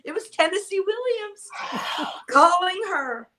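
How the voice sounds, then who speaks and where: A woman guest telling an anecdote in an animated way, acting out the people in her story with gasps and shrieks. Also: high voice, normal speed. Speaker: guest actor.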